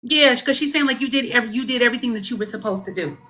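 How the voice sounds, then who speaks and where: A woman working as a psychic medium on a live stream, pausing and searching for words as she relays messages, then jumping up in pitch when quoting. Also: sharp tone. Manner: halting, searching for words, coaxing; relays messages with swoops up into quoted speech. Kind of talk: live-stream spirit reading.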